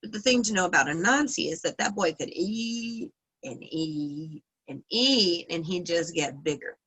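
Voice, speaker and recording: Bright, husky woman telling a folk tale. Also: fairly low pitch, expressive, measured pace, low-quality recording. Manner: chatty, hedging, playful. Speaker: class teacher. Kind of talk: casual lesson with folk storytelling.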